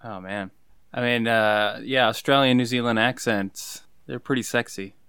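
A man's voice: mid-range voice, fairly even intonation, unhurried, a bit bright, smooth, no room sound, clean studio sound. A man co-hosting a casual movie podcast, easygoing and hesitant, with many fillers. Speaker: podcast co-host.

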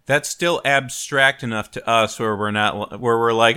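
A man's voice: medium pitch, unhurried, few pauses, pushed and bright, clear, resonant tone. A man hosting a casual podcast chat, chatty and jokey. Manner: chatty, jokey, playful put-on voices. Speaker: podcast host.

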